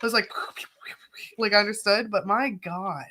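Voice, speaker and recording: A woman's voice: medium pitch, measured pace. A woman co-hosting a casual writing livestream, telling stories with lots of laughter. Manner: chatty, laughs often, animated storytelling. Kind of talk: casual chat.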